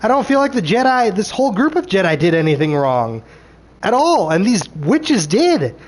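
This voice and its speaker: A man ranting through a show recap, animated and frustrated, swearing freely and acting out characters' lines. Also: high-pitched. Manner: acts out characters' lines in quick voices.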